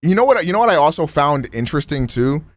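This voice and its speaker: A man's voice: fairly high pitch, very animated, fast, dry recording. A man streaming in a loose, slangy casual chat, full of restarts and fillers.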